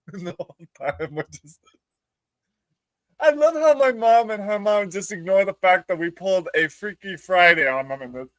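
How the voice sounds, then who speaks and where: A man with a somewhat high voice tells stories in a casual chat, laughing between lines and switching into squeaky voices to quote people. The sound is dry and close. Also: animated, moderate pace, a bit bright, no echo. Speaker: guest. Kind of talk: casual storytelling.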